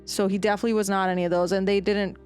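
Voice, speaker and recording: A woman's voice: medium pitch, racing, clear, resonant tone, faint music behind. Chatty woman telling history casually. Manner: chatty, animated, many fillers, jumps into quoted voices. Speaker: podcast co-host presenting the research. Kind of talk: casual history podcast chat.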